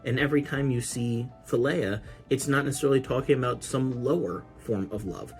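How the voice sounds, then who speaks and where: A man hosting a podcast, explaining Bible words in a relaxed, conversational way with casual asides. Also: medium pitch, brisk, soft background music. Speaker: podcast host.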